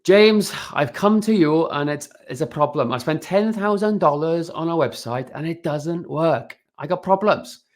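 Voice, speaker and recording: A man's voice: fairly high pitch, animated, moderate pace, few pauses, pitched above the performer's own voice, close to an everyday voice. A man putting on a Welsh accent to voice a frustrated client complaining about a problem. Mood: aggrieved.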